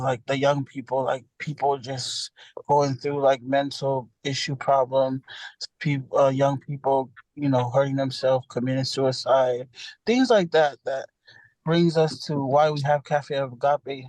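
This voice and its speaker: A woman's voice: deep voice, darkish tone, no echo, low-quality recording. A woman speaking earnestly about her ministry work, her talk full of fillers, restarts and loose phrasing. Her voice is close and dry, with no room sound around it. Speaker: youth ministry leader. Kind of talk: testimony in a church interview.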